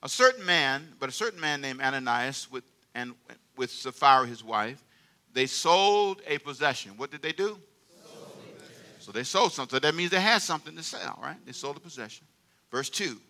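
A man preaching a sermon as pastor, playful and animated, drawing the congregation into call-and-response. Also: on the high side, fairly quick.

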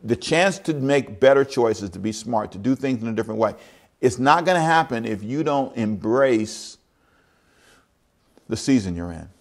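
A pastor in his sixties delivers a sermon with a gravelly, mid-pitched voice. He drives points home by repeating phrases and climbs to loud, high emphatic peaks. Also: animated, moderate pace. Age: 60s.

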